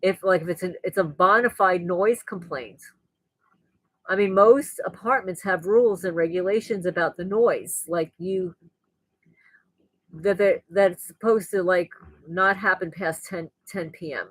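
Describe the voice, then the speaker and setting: A woman's voice: lowish voice, a little slow, no echo, low-quality recording. A woman hosting her own channel, talking straight to viewers in a frank, rambling way and sounding angry and blunt. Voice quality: voice no longer sweet, rougher than before. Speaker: channel host. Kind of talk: casual monologue to viewers.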